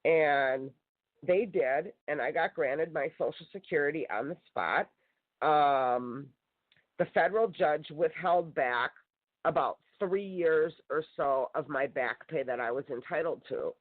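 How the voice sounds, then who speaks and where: A woman's voice: sits low, a little slow, no echo. A woman guest telling her personal story in an intense, aggrieved way, heard over a phone line. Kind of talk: personal testimony on a call-in show. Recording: tinny phone-line audio.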